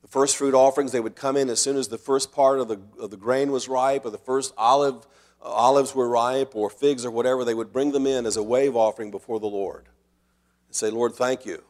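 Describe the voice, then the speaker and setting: A middle-aged male pastor delivers a sermon in an earnest preaching voice. He pushes his key points out loudly, then drops to quieter, more intimate asides. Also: medium pitch, fairly even intonation, brisk. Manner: earnest preaching, swings between loud emphasis and quiet asides.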